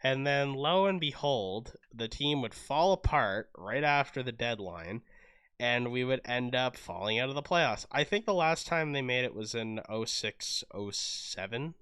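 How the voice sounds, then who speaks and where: A young Canadian man co-hosts a podcast and tells stories with lively energy, acting out what people said. His voice is smooth and clear, and it sits close to a dry microphone. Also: medium pitch, a little slow, dry recording. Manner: animated storytelling, acts out quotes. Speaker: podcast co-host. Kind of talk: casual chat.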